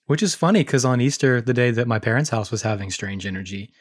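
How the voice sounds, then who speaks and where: A woman co-hosting a podcast in casual chat, joking and telling animated stories. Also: rumbling low, fast talker, no echo, studio quality. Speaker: podcast co-host.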